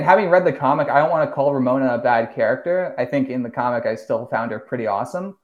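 A man hosting a podcast, recapping an animated series in an animated, casual way, swearing now and then and laughing often. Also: medium pitch. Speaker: podcast host.

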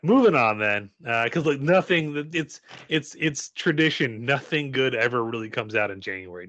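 A man co-hosting a casual chat about upcoming movies, joking and rambling with loud bursts of enthusiasm. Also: mid-range voice, dry recording, dull audio. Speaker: podcast co-host leading the movie preview.

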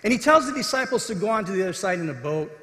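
A man's voice: sits high, very animated, racing, fairly bright tone. A man preaching a sermon as pastor, earnest, acting out the voices in the scripture story. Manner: earnest preaching, acts out quoted voices with rising intensity. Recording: echoey hall.

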